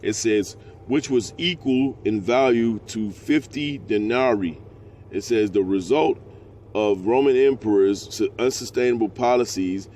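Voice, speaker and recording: A man teaching scripture, reading verses slowly and breaking into slangy, profane asides. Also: fairly low pitch, a little mellow, a little hiss or hum. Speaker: preacher. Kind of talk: scripture teaching with street talk.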